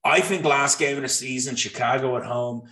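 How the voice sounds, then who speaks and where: A man's voice: mid-range voice, moderate pace. A man co-hosting a sports betting show, talking picks and stats with frequent restarts. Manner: animated, restarts often, talks through stats. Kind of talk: casual sports betting chat. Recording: roomy echo.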